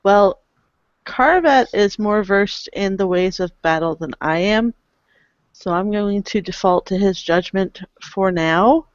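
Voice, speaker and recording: Measured woman player in a tabletop game. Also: mid-range voice, dry recording, highs cut off. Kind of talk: tabletop role-play.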